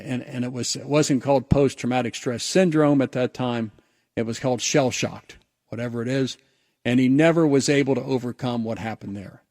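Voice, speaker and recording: A man's voice: mid-range voice, a little mellow, no echo, clean studio sound. Earnest man telling a story on radio. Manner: earnest, reflective storytelling with repeated restarts. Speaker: radio host. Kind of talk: personal story told on radio.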